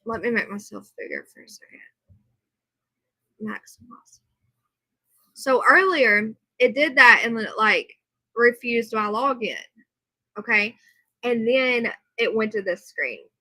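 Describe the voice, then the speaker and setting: A woman streams from her computer at home, reading a report aloud and breaking off into lively chatter with her viewers. Her voice sits a little high and sounds crisp and bright. The sound is close and dry, with no room echo. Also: measured pace, pauses often. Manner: chatty, animated asides while reading. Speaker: live streamer. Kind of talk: reading a news report aloud, then casual chat with viewers. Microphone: computer mic, earbud in for monitoring.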